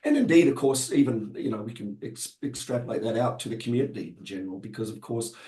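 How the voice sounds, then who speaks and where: Croaky kiwi guy on a webinar call, roomy echo, lots of ums and restarts. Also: medium pitch, expressive, fast talker, warm tone. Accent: New Zealand. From New Zealand. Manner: rambling, many fillers and restarts. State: hoarse from illness. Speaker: panel guest. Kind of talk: webinar discussion.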